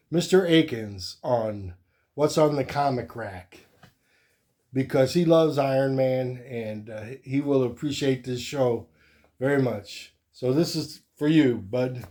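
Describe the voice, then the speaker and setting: A man hosting a comic book show, chatting casually in a relaxed, rambling way with many fillers. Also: mid-range voice. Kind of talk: casual show-and-tell chat.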